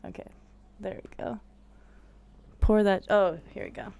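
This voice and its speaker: A woman's voice: mid-range voice, sing-song, measured pace, creaky, mellow. A young woman, co-hosting a podcast and chatting casually with viewers, laid-back, laughing and swearing easily. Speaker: podcast co-host. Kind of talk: casual chat with live chat.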